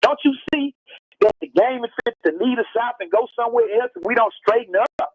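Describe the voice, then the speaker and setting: A man's voice: very high voice, fast talker, no room sound. A man, calling in to a radio show over the phone and lecturing emphatically, repeating his points. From Texas. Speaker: rapper on a radio call-in. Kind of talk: heated radio phone interview. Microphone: telephone. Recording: muffled phone-line audio.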